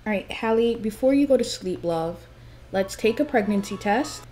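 A young woman casually commenting on a life-sim game, gushing and excitable, with big high swoops when she gets thrilled. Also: normal speed. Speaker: gameplay commentator.

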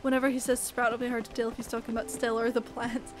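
Streamer woman, high voice, chatty gameplay talk over loud game music. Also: level tone, very fast. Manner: chatty, reads game dialogue aloud. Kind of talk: casual gameplay commentary. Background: background game music.

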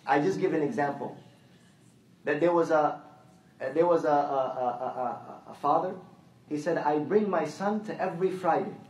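At normal speed, a male preacher with a slightly high, somewhat mellow voice shares anecdotes in a conversational sermon, repeating phrases for emphasis. A distant mic captures him in an echo-filled hall.

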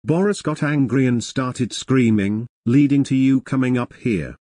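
A fussy cartoon party organizer, voiced by a man with a plain mid-pitched voice. He explains things and orders people about in a dry, close recording. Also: expressive, a little slow, dark tone, dry recording. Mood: annoyed. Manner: explaining, bossy to guests.

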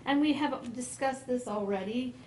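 A woman on planning staff explaining code amendments at a public meeting, methodical, pausing and restarting as she goes. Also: a little high, darkish tone, a little hiss or hum, rough recording. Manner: methodical, with frequent pauses and restarts. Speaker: planning staff member presenting to a commission. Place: meeting room.

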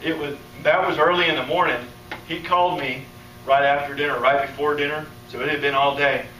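A man's voice: brisk, recorded from a distance, a little hiss or hum. American preacher man in an echoey hall. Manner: storytelling, acts out dialogue, builds to excited high pitch. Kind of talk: sermon telling a healing story. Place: church or conference hall, live audience.

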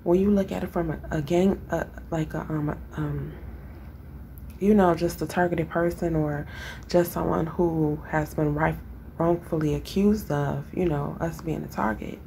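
A woman from Chicago with a Chicago accent and a raspy voice, talking casually and rambling to her viewers. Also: low-pitched, steady tone, a little slow, mellow, slight background noise. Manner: rambling, conversational, lots of fillers. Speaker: vlogger. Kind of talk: casual talk to camera.

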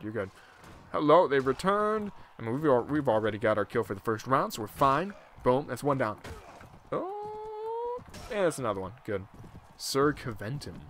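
A young man giving casual, excitable commentary over his own gameplay, with loud high outbursts when things go wrong. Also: slight background noise. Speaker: gaming video host.

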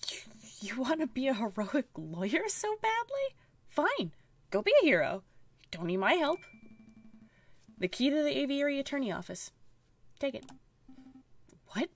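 A woman's voice: sits high, big pitch swings, measured pace, pauses often, dry recording, pitched above the performer's own voice, exaggerated voice. A woman voicing a disillusioned male falcon lawyer who speaks in a heated, scornful way. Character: disillusioned falcon lawyer, man, fierce and bitter.

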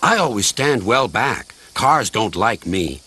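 A man's voice: on the low side, sing-song, takes it slowly, sharp tone, breathy edge, soft background music, heavily acted. Man putting on a whiny grumbling little engine. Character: grumbling lazy male narrow-gauge engine. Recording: constant noise behind.

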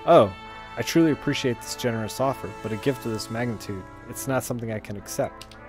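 A gracious, humble young princess who speaks in polite, formal phrases, as a man reads her lines aloud. The voice stays in a middle man's pitch. Light music runs behind. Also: fast, lightly acted. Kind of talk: reading game dialogue aloud.

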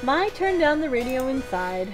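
A woman with a fairly high voice reads visual novel narration aloud in a light, giggly manner. Game music plays clearly behind her. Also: big pitch swings, normal speed. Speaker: guest co-player.

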